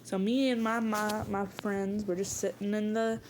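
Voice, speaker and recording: A woman's voice: mid-range voice, little pitch movement, moderate pace, darkish tone, a little hiss or hum. A young woman casually improvising a rambling story, chatty and giggly. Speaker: video creator.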